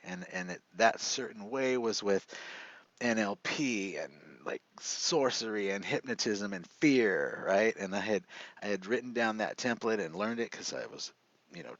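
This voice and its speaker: A man's voice: lowish voice, no room sound. A middle-aged man, a show host, earnestly telling a personal story, rambling with many restarts. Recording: dull lo-fi sound.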